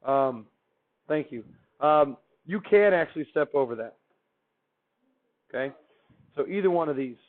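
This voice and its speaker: Chatty math teacher, tinny sound. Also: male voice, fairly high pitch, expressive, unhurried, pauses often. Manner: chatty, asks the class questions and answers himself. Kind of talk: classroom lecture. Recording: tinny, phone-like recording.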